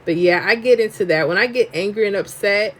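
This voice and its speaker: A woman's voice: medium pitch, a little fast, slight background noise. A woman from New York with a New York accent, hosting a live stream in chatty, emphatic slang while reading viewer comments aloud.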